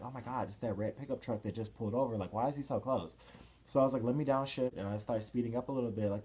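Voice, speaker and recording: A young man telling a story to camera in a casual, excitable way. He swings from hushed to loud and fills his talk with "like" and swearing. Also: mid-range voice, slightly rough. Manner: excitable, fast shifts from hushed to loud, filler-heavy, swears freely. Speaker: vlogger.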